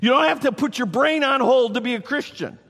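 Male pastor, lively sermon, high voice, long hall reverb. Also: a little fast. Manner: animated preaching, reads scripture aloud, direct to congregation. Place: church.

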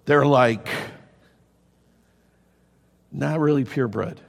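A middle-aged male pastor preaching a sermon in an animated way, repeating words and adding quick asides. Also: medium pitch, vocal fry, in a large hall.

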